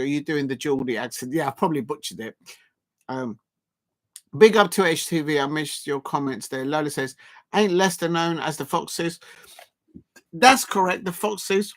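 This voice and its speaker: A man's voice: on the high side, lively intonation, normal speed. A man hosting a live football watchalong, chatting casually, reading out viewer comments, and rambling with lots of fillers and restarts. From South London, England.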